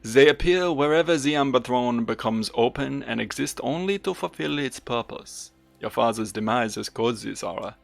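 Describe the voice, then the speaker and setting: A man's voice: mid-range voice, animated, normal speed, gravelly, hardly any pauses. A man voicing a solemn exiled male bird-folk warrior in a put-on French accent for a video game let's play. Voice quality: accent degrading as it goes.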